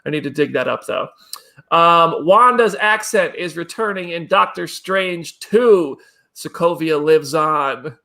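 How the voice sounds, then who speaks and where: A man's voice: fairly high pitch, measured pace, gravelly, bright, forceful tone. A man hosting a casual live chat show, chatting loosely and passing questions to his co-hosts. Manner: chatty, reads viewer comments, throws questions to co-hosts. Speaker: podcast host.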